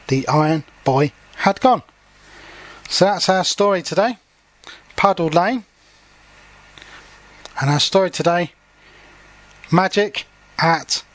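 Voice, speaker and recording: A man reading a children's story aloud as a language teacher, stopping to explain words simply. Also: fairly high pitch.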